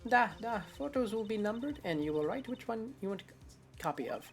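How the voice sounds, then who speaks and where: Woman putting on a deadpan witness. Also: on the high side, moderate pace, soft background music, pitched above the performer's own voice. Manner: broken English, flat blunt delivery. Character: gruff foreign woman witness, blunt, deadpan.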